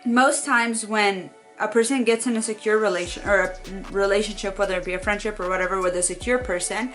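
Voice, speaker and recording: A young woman talking to her phone camera in a casual, animated advice vlog, acting out quoted voices now and then. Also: mid-range voice, brisk, faint music behind. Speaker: vlogger.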